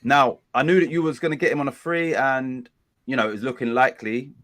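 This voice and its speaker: A man in the middle of his pitch range hosts a casual football watch-along stream. He talks in a loose, rambling way, with frequent self-corrections, and keeps the chat going with his viewers. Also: steady tone, a little fast, fairly bright tone. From England.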